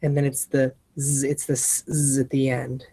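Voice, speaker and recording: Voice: mid-range voice, completely flat delivery, moderate pace, mellow, breathy edge. A reading teacher walking colleagues through a spelling lesson, spelling words out letter by letter and enunciating each syllable, with friendly asides. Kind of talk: lesson-prep walkthrough.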